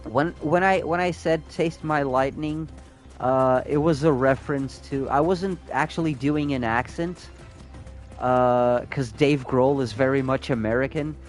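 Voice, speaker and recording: A male game streamer talks slowly and loosely over his gameplay, rambling and reacting to his chat. His pitch sits in the middle for a man, and faint game music plays behind him. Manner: chatty and rambling, reacts to chat, swears freely. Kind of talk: casual live-stream gameplay commentary.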